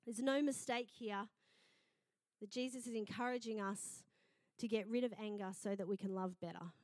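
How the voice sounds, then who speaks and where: A middle-aged woman pastor, preaching a sermon in a lively storytelling manner. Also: medium pitch, moderate pace, dry recording. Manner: lively storytelling, acting out quoted voices.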